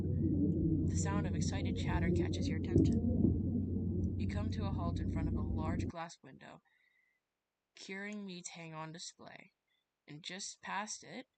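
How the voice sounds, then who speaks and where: A woman streamer reading a visual novel aloud and chatting, with sudden squealing excitement. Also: fairly low pitch, heavy background noise. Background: background music.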